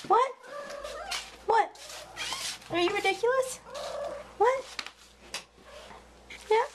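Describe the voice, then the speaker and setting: Woman baby-talking her pets, very high voice. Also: sing-song, moderate pace, long pauses, noisy background. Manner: high sing-song baby talk to pets, repeating short greetings. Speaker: cat owner filming her pets. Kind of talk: casual pet vlog. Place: at home indoors.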